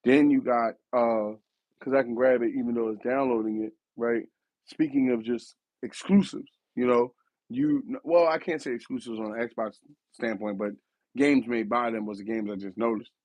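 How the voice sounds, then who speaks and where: A man's voice: mid-range voice, fairly even intonation, normal speed, a little mellow, no room sound. Rambling man with a cough-worn voice. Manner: rambling, self-correcting, thinks aloud while managing his console. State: getting over a cough, losing his voice. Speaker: show host. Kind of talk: casual gaming talk.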